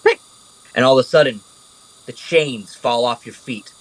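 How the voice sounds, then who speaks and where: A man narrating a tabletop game as game master, animated and casual, swearing freely. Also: mid-range voice, moderate pace, no echo, low-quality recording.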